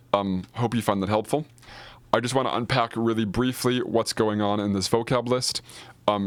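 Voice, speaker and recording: A man's voice: on the low side, dry recording. A man teaching Greek grammar in a recorded video lecture, explaining casually with many ums and restarts. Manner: casual, filler-heavy explaining with frequent restarts. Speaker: Greek professor.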